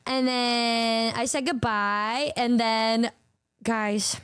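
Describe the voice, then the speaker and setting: A young woman VTuber spins stories for her chat in a high, bright-toned voice, stumbling over restarts and swearing freely. The recording is close and dry, with no room sound. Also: clean tone, dry recording. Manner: animated, swearing, stammering, quick restarts. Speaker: VTuber streamer. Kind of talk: casual storytelling to stream chat.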